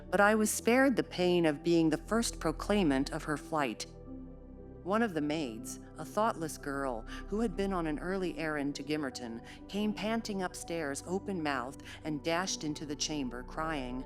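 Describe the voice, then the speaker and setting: A woman narrating a classic novel in a measured, steady storytelling voice. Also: sits low, soft background music. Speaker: audiobook narrator.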